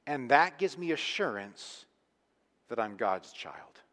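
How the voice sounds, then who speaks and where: A man preaching a sermon, earnest and emphatic, swinging between quiet, intimate lines and loud, pressing ones. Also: medium pitch, big pitch swings, slow. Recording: long reverb of a large hall.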